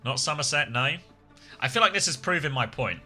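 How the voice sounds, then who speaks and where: A man's voice: medium pitch, lively intonation, a little fast, bright, forceful tone, faint music behind. A man casually co-streaming an esports match from the south of England, chatting with his viewers and laughing often. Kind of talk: casual live co-stream commentary.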